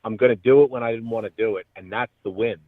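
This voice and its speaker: A man's voice: mid-range voice, fairly even intonation, fast talker, no room sound. A man speaking as an earnest, motivational guest on a radio interview. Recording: tinny phone line, dry.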